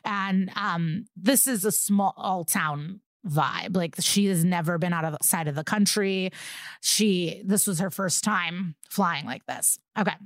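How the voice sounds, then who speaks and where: A woman's voice: lowish voice, measured pace, no echo, clean studio sound. A woman co-hosting a podcast, animatedly retelling a true-crime case in casual chat, acting out quotes and swearing freely. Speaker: podcast co-host.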